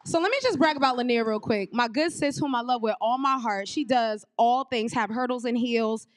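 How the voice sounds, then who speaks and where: A woman's voice: a little high, brisk, no room sound, clean studio sound. A woman from Brooklyn, hosting a live stage show with lots of energy, calling out to the crowd. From Brooklyn, New York. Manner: energetic, hype, addresses crowd as y'all. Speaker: show host. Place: stage of a performing arts venue.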